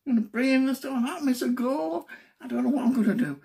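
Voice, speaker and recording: A man's voice: extremely high pitch, quick pace, vocal fry, a little mellow. A man, rambling to camera in a casual, self-mocking, exclamatory way. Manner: exclamatory, self-mocking, chatty dialect talk. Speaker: vlogger.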